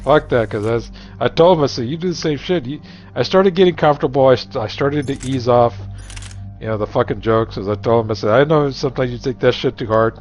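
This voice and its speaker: A man's voice: mid-range voice, brisk, darkish tone. A middle-aged man chatting casually while gaming, rambling and profane, cracking jokes at his friends' expense. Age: 40s or 50s. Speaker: gamer streaming. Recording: dull lo-fi recording, faint music.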